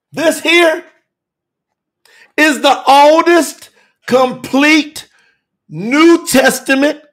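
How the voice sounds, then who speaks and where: A man preaching fiery and emphatic to a telethon audience as a scripture teacher, repeating phrases and shouting at times. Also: very high-pitched.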